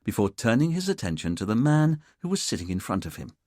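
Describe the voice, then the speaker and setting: In studio-quality audio with no room sound, a man with a lowish voice narrates a mystery audiobook. His storytelling is measured and expressive.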